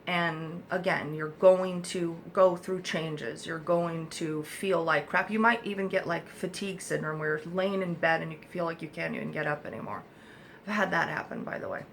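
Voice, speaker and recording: A woman's voice: fairly low pitch, steady tone, moderate pace, creaky, slight background noise. A woman speaking as the mother of an autistic child, giving blunt, emphatic advice to other parents in a rambling monologue with casual swearing, recorded in a room at home.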